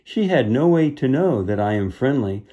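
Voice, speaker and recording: A man voicing a huge, gentle male island beast in a storybook, speaking slowly and formally with a gravelly voice. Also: mid-range voice, sing-song, highs cut off, close to an everyday voice. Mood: solemn. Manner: slow, formal old-fashioned speech. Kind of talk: storybook read-aloud.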